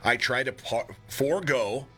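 A man's voice: mid-range voice, a little slow, fairly bright tone, faint music behind. A young man hosting a casual morning radio show, joking and laughing at his own puns.

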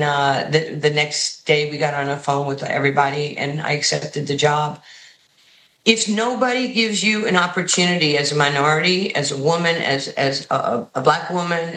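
A woman's voice: sits low, roomy sound, poor audio. A woman coach from New York with a New York accent, giving an interview and telling stories animatedly, acting out the voices of people she quotes. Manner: animated storyteller who acts out quoted voices. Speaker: basketball head coach. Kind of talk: radio and TV interview guest, storytelling.

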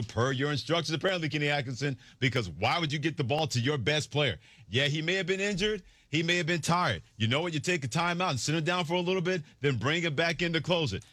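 A man's voice: mid-range voice, fairly bright tone, dry recording. A man hosting a sports radio show, delivering a sarcastic, theatrical monologue.

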